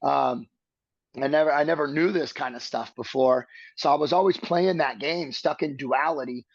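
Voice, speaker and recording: A man's voice: mid-range voice, normal speed, no echo, muffled recording. A man speaking as a podcast guest, earnest and searching, building his thoughts step by step in a reflective conversation.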